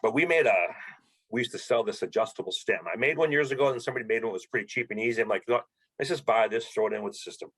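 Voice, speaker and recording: Middle-aged guy, kinda husky voice, acts out the convo while telling his story. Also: mid-range voice, very fast, rough recording. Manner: animated storyteller, acts out dialogue. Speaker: podcast guest, bike fitter. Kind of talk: storytelling interview.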